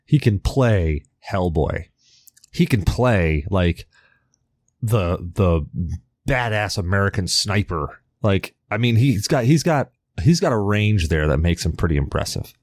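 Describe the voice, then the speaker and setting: A man's voice: sits low, animated, a little slow, no echo, studio quality. A man co-hosting a podcast in rambling, casual chat, swearing now and then, from the New York area. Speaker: podcast co-host.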